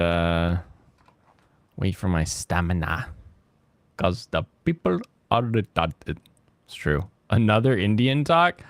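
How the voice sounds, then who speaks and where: Brief: male streamer, casual and ranting, pitch that swings widely, dry close mic. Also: smooth, no echo. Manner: animated, ranting, laughs often. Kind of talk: casual gaming stream chat.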